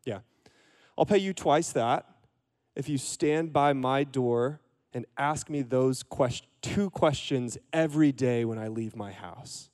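A man voicing a calm, thoughtful old male rabbi who speaks slowly, quietly and wryly. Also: mid-range voice, pitched below the performer's own voice, natural voice.

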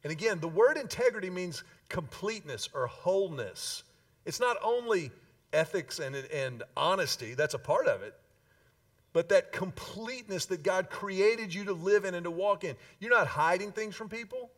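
A man preaching a sermon as pastor, emphatic, with dramatic pauses and slowed key phrases. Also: sits high, lively intonation, fairly bright tone, recorded from a distance.

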